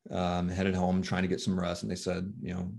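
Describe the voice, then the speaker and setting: Soft-spoken, low-voiced grieving father. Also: completely flat delivery. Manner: soft-spoken, halting, with many fillers and pauses. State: worn and tired. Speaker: grieving father telling his story. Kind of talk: emotional personal storytelling.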